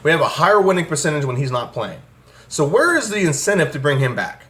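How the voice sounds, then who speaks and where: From a home room with an air conditioner running, a young man hosting a football fan channel rants angrily and with lots of swearing about his team. His voice is on the high side, bright and forceful, very animated and fast as he vents his exasperation in this sports commentary vlog.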